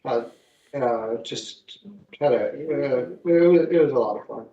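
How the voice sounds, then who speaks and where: A man co-hosting a sports podcast, chatting casually in a hesitant, halting way. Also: mid-range voice. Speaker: podcast co-host. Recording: muffled, echoey and distant.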